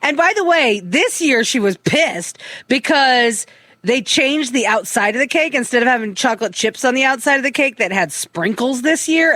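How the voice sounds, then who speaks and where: Animated middle-aged woman co-host, lively. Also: on the high side, moderate pace, dry recording. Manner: animated storytelling, frequent swearing. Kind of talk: casual chat.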